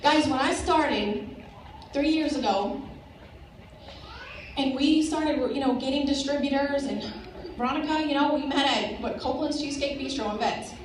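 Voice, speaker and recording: A woman rallies a crowd from a stage, her voice high and emphatic as she urges them on. She is heard from a distance, with heavy echo filling the big hall and a faint hum of room noise behind her. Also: moderate pace, pauses often. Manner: rallying, emphatic, addresses crowd directly. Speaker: motivational speaker at a sales event. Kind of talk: motivational stage speech. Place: large event hall. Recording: echoey hall recorded from far off.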